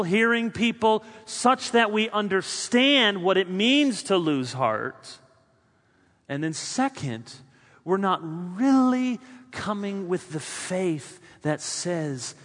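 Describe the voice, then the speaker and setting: Man, sermon, slightly high voice, long hall reverb, emphatic and deliberate. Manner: emphatic, builds in lists then drops quiet. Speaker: pastor.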